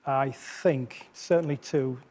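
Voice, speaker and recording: A man's voice: medium pitch, fairly even intonation, takes it slowly, a little mellow, long reverb tail. A man, a quiz show contestant, thoughtfully weighing his options aloud. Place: television studio.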